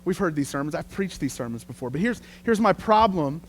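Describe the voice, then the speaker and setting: A man preaching a sermon as pastor, telling the story in a lively, conversational way. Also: a little high, fairly quick, slight background noise.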